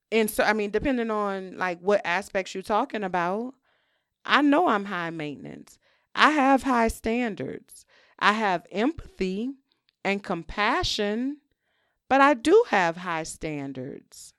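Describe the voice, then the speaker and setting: A woman's voice: mid-range voice, clear, resonant tone, no room sound, studio quality. Candid woman talking on her podcast. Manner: candid, conversational, many "you know" fillers. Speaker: podcast host. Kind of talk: reflective solo podcast monologue.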